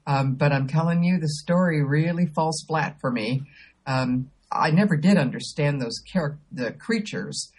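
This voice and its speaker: A woman co-hosting a podcast talks in a relaxed, casual way. Her voice is husky, and she fills her sentences with ums and restarts. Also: sits low, measured pace. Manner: hesitant, many ums and restarts. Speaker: podcast co-host. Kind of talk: casual chat.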